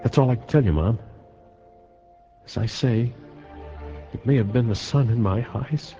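A man's voice: medium pitch, unhurried, long pauses, warm tone, faint music behind. A man giving a dramatic reading of a wartime letter, with wide swings in his voice. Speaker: reader of a letter. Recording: dull lo-fi recording.

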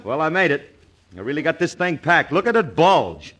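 A man's voice: fairly high pitch, big pitch swings, moderate pace. A man, wisecracking in a brash, folksy way in a 1940s radio comedy. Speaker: comedy show co-host. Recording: hissy old radio broadcast.

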